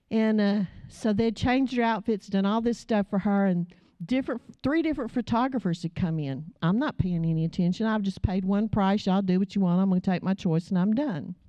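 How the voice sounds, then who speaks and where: A woman's voice: medium pitch, mellow, no echo. A middle-aged woman, a pastor's wife preaching a sermon through emotional storytelling and pleading.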